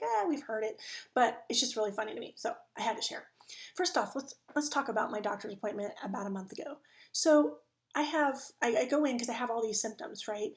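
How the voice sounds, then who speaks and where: A middle-aged woman does a casual comedy monologue from her home. She is chatty and animated, with a voice on the higher side. Now and then she laughs at her own jokes. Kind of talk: casual stand-up monologue to camera.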